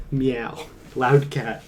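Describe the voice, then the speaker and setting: In a casual live-stream chat from his home, a man talks very slowly in a steady, medium-pitched voice over slight background noise. He rambles, jokes around, and chuckles frequently.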